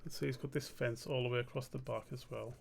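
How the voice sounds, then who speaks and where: A man's voice: medium pitch, fast, vocal fry, a little hiss or hum. A young man, thinking aloud in a casual, muttering way while he draws on a live stream. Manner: muttering to himself, self-questioning, relaxed.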